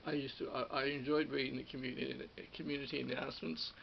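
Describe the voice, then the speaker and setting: A middle-aged Australian man with a strongly gravelly, slightly high voice looks back on his radio days. He rambles and stumbles, restarting sentences and repeating words. The recording sounds dull and lo-fi, with a faint hiss underneath. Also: little pitch movement. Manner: halting, many restarts and repeated words, chuckling. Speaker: former radio studio producer. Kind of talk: rambling personal reminiscence.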